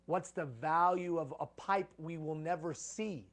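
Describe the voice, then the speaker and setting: A man's voice: a little high, unhurried, fairly bright tone. A man giving a live conference talk on leadership, preaching with repeated phrases for emphasis.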